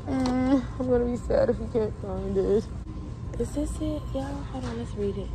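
A woman's voice: a little high, moderate pace. A woman vlogging casually to camera, chatting to her viewers and calling them y'all. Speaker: family vlogger. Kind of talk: casual vlog chat to camera. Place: car, then store aisles and home. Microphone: handheld phone camera. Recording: noisy handheld phone audio.

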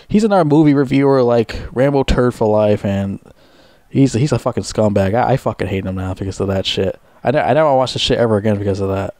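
A man's voice: medium pitch, darkish tone, no echo, studio quality. A man ranting angrily to the camera in a profane, repetitive way, stammering over restarts and mocking others sarcastically. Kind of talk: angry rant.

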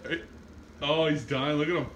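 A man hosting a hot sauce challenge among friends, teasing and excitable in casual banter. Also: a little high, normal speed. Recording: echoey room with faint noise.

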